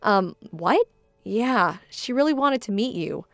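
A woman voicing a hurt, firm young bride-to-be who speaks in a measured, indignant tone. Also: medium pitch, expressive, vocal fry, no room sound, faint music behind. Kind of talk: dramatized story voice acting.

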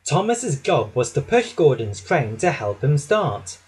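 A man reading a children's story aloud with an expressive storytelling delivery. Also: fairly high pitch, measured pace, slightly rough, poor audio. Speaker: storybook reader.

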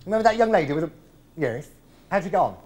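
A man's voice: fairly high pitch, big pitch swings, fast talker, darkish tone. A man on a theatre stage impersonating a camp, drawling older male comedian, telling stories in a live one-man show. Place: large theatre, live audience.

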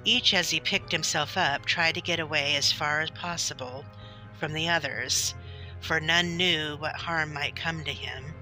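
A woman narrating a children's story in a gentle, deliberate way. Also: low voice, steady tone. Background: soft background music.

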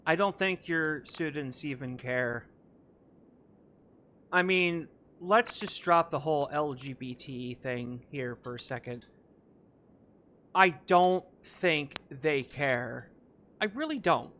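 A man's voice: a little high, expressive, slow, pauses often, sharp tone, dull audio. A man giving blunt, sarcastic reaction commentary with some swearing.

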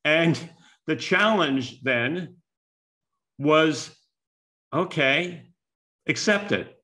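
An older man from the United States delivers a talk as a string of personal stories. His voice is bright and forward, and he acts out the quoted dialogue as he goes. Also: a little high, very slow, long pauses. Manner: animated storyteller acting out quoted dialogue. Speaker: keynote speaker and business school teacher. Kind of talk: storytelling talk.

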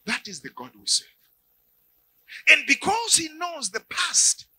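A man preaching a sermon, animated, acting out little dialogues and shouting at the high points. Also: slightly rough, rough recording.

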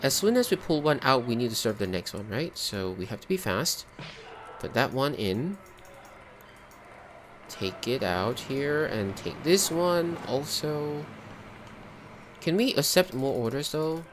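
In live gameplay commentary, a man talks himself through every cooking step, now and then erupting in exasperation at glitches. His medium-pitched voice has lively intonation, moving a little slowly with long pauses over slight background noise.

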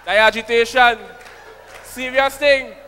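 A man doing an impression of a brash male comedian, with a Trinidadian accent and sing-song, shouted punchlines. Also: very high voice, fairly even intonation, a little slow, a faint crowd, slight background noise, heavily acted. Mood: boisterous. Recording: live stage with long hall reverb.

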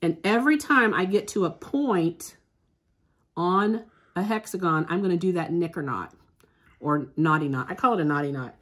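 Woman, lowish voice, quilting teacher demonstrating hand stitching, chatty and down-to-earth. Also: normal speed, fairly bright tone. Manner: chatty, homespun, thinks aloud while working. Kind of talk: hands-on sewing demonstration. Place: sewing shop classroom.

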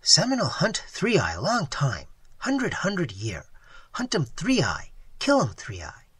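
Brief: reader doing a terse, excited man in broken English, clipped and loud. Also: on the high side, a little slow, slightly rough, dry recording, full character voice. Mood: emphatic.

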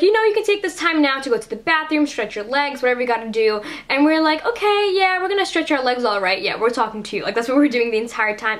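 Gushing young woman with a high voice. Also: a bit bright. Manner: gushing, says "like" constantly. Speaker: vlogger. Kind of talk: excited storytelling.

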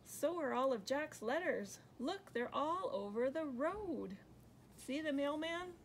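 A woman reading a picture book aloud, voicing an excited little girl with high, eager exclamations. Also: takes it slowly, a little hiss or hum, heavily acted. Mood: alarmed.

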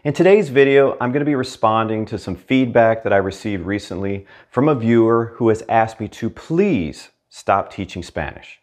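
A man's voice: fairly low pitch, expressive, moderate pace, few pauses, a little mellow. An American man hosting his own language channel, talking casually to the camera with dry, self-mocking humor. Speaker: Spanish teacher and YouTube host.

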